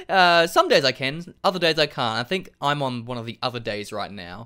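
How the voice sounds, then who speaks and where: A man's voice: mid-range voice, animated, moderate pace, sharp tone, clean tone. A young man casually commenting on a game he plays, swearing a lot and joking about himself. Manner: profane, self-deprecating, jokey. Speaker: let's play gamer.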